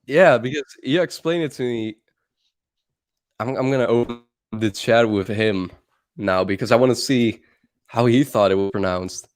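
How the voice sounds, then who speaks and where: A man's voice: medium pitch, moderate pace, long pauses, clean tone. A young man with a Dutch accent, chatting loosely on a livestream, laughing and swearing as he rambles. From Netherlands. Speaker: livestream co-host. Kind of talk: casual livestream chat.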